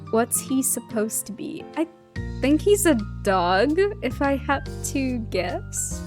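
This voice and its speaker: Woman, streamer, casual chat, giggly, unhurried, faint music. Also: high voice, animated. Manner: giggly, chatty asides. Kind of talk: casual live-stream chat while reading a story.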